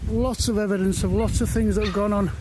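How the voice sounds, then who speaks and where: A high-pitched man talks casually to his camera while hiking uphill paths outdoors. He rambles and sounds easily amazed, sometimes a little short of breath. Faint outdoor ambience hums behind him. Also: steady tone, fast talker, background noise. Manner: walking uphill, at times a bit out of breath. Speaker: walking vlogger. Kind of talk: casual walk-and-talk narration. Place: outdoors on hilly woodland paths.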